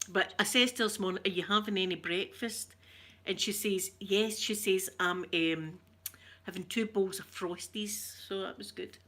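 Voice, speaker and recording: A woman's voice: mid-range voice, fairly even intonation, moderate pace, pushed and bright. A middle-aged woman with a Scottish accent chatting casually with her live viewers, rambling, laughing often and greeting them by name. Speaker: ASMR livestreamer reading viewer comments.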